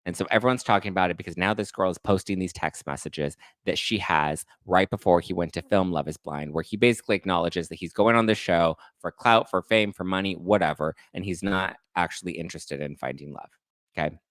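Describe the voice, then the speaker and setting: A low-voiced man dishing reality TV gossip in a sassy, sarcastic way. He reads text messages aloud and cuts in with catty remarks. The recording is dry and close, with no room sound. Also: fairly quick, a bit bright, no echo. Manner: sassy, sarcastic asides while reading texts aloud. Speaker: pop culture podcast host.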